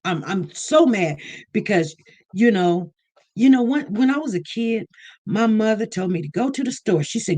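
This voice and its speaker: A woman giving casual commentary on a vlog, animated and repeating herself as she mimics other people. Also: medium pitch, normal speed. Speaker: online news commentator.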